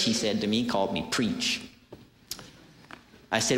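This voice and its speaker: A male preacher tells a dramatic story in a mid-pitched voice, animated and full of small hesitations. He is recorded in a large hall with strong echo and a long reverb tail. Faint noise sits behind him. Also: normal speed, long pauses. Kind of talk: sermon.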